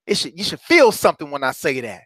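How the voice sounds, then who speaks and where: A man gives a motivational talk as a courage coach, leaning on repetition like a preacher. His voice sits high and sounds bright and forward. The recording is close and dry. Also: huge pitch swings, fast talker, dry recording. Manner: preacherly, addresses listeners as brothers and sisters; emphatic, repeats phrases for effect.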